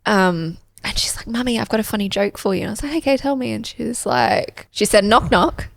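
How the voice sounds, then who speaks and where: A woman's voice: medium pitch, a little fast, gravelly, dry recording. A woman co-hosting a casual parenting podcast, laughing often and retelling her kids' stories with lots of energy. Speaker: podcast co-host.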